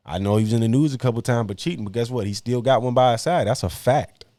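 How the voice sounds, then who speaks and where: A man's voice: mid-range voice, fast, dark tone, no room sound. Blunt, preachy podcast host man. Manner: blunt, preachy, slangy motivational talk. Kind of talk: casual podcast debate, preachy monologue.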